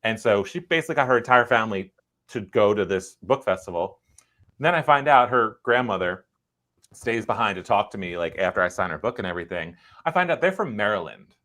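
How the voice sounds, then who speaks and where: Male novelist and co-host, very low voice, relaxed rambling storyteller in casual livestream chat. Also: brisk. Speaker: young adult novelist and podcast co-host.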